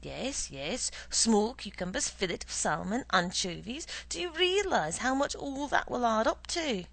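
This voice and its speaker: A woman's voice: fairly high pitch, sing-song, a little slow, gravelly, fairly bright tone, voice pushed up, heavily acted, rough recording. Woman reading as a dry, stingy husband. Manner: dry, lecturing, penny-pinching. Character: stingy, stern middle-aged husband.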